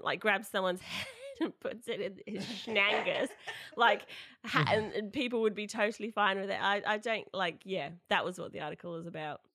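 Giggly chatty woman, gravelly voice. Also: medium pitch, bright, forceful tone, dry recording. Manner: chatty, giggly, reads out tweets. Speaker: podcast co-host. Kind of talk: casual chat. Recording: dry studio mic.

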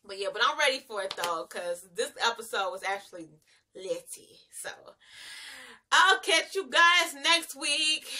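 A woman's voice: high-pitched, pushed and bright. A young woman, reviewing a reality show in casual, slangy chat and laughing often.

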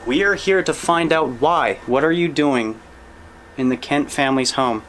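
A man investigating the paranormal, calmly addressing an unseen presence and explaining his gear. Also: mid-range voice, moderate pace, slight background noise, rough recording. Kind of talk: ghost-hunting spirit call-outs.

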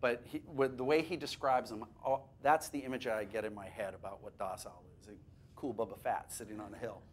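A man's voice: on the low side, a little fast, a little hiss or hum. A man presenting a teacher training workshop, talking conversationally, joking and asking the audience questions. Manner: lively, conversational, asks the audience questions, jokes. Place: classroom or workshop room with a live audience.

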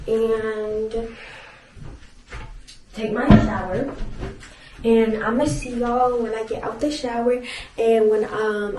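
Chatting into her camera mic at home, moving between bedroom and bathroom, a teen girl rambles through a casual vlog full of fillers and frustrated venting. She has a higher, darkish-toned voice, and the poor audio carries a bit of hiss or hum.

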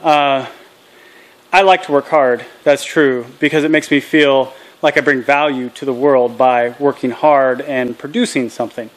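A man's voice: medium pitch, steady tone, normal speed, hardly any pauses. A man hosting a casual farm vlog outdoors, talking earnestly and candidly and dropping acronyms as he explains his mistakes. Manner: earnest and candid, drops acronyms and military jargon. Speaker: channel host. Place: outdoors at a small farm processing setup.

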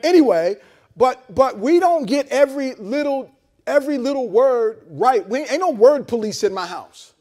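A man with a very high voice preaches a sermon to his congregation. He talks loosely and conversationally, doubling back on his words and calling for amens. His asides are blunt and joking. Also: lively intonation, moderate pace, darkish tone. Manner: conversational preaching with frequent repeats and call-and-response. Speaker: pastor. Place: church service held in a hotel venue.

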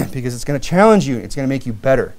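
A man from Michigan preaching a sermon, animated, with many asides and acted-out quotes. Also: mid-range voice, fast talker. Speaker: pastor.

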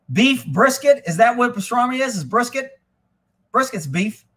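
A man hosting a casual live stream, rambling and swearing freely, getting animated when he retells a story. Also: very high voice. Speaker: livestream host. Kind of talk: casual livestream chat.

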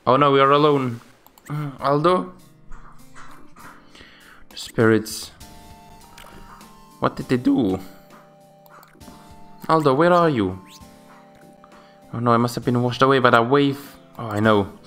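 A man's voice: mid-range voice, animated, takes it slowly, pauses often, a bit bright, soft background music, voice pushed up. A man reading aloud for an anxious young girl summoner who talks to herself. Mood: worried.

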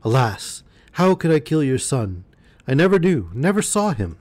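A man's voice: medium pitch, very animated, moderate pace, a little mellow, no room sound, voice pushed up. A man reading aloud, voicing a frightened male merchant who pleads in a raised, strained voice. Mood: trembling.

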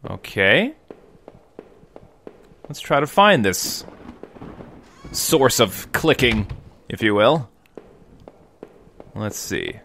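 A man's voice: mid-range voice, very animated, drawn-out words, vocal fry, pauses often, bright, forceful tone, a little hiss or hum. A young man hosting a game video, chatting and joking to viewers while he plays on a desk mic. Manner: chatty, jokey, addresses viewers as folks. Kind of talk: casual gameplay commentary.

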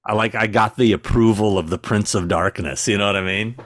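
A man's voice: lowish voice, fairly quick, a bit bright. Dry-humored man telling stories. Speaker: podcast guest. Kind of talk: casual interview storytelling.

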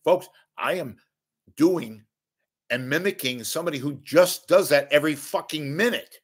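A man's voice: on the high side, normal speed, slightly rough. A middle-aged man hosting a show, delivering a profane, sneering rant of media commentary. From San Francisco Bay Area. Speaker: podcast host. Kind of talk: ranting commentary.

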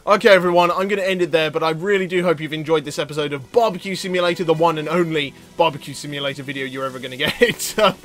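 Young English gaming host, high and bright, excitable let's play commentary. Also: male voice, fast talker, few pauses. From England. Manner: excitable, yelling and laughing at the game.

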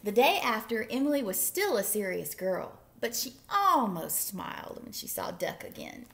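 A woman librarian reading picture books aloud for story time, playful and animated with whispered asides. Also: on the high side, moderate pace, gravelly, few pauses. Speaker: children's librarian.

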